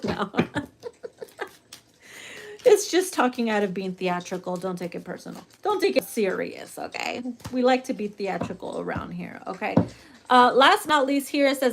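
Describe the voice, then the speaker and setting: A woman giving a casual tarot reading, brash and profane, theatrical and quick to laugh. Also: fairly high pitch, animated, a little hiss or hum. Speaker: tarot reader.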